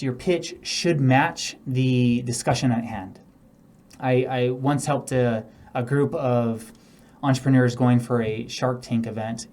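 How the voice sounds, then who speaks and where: A man's voice: mid-range voice, darkish tone. A man teaching real estate negotiation in a casual, instructional way, often acting out example speakers. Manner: casual, demonstrates tones and acts out example speakers. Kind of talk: instructional talk.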